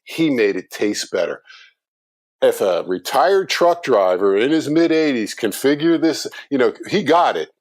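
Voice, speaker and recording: A middle-aged man, a guest on a business talk show, telling a story in conversation with animated delivery. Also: mid-range voice, measured pace. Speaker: guest speaker on customer experience.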